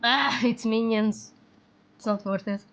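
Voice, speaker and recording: Excitable woman streamer, high-pitched. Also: a little slow, highs cut off. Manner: excitable, with sudden high squeals and soft mutters. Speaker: VTuber streamer. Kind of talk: casual live-stream chat with viewers.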